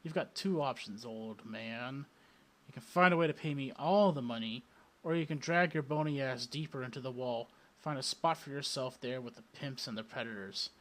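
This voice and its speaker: A man's voice: medium pitch, normal speed, natural voice. A man voicing a brutish muscled male gang enforcer, threatening and sneering. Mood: menacing.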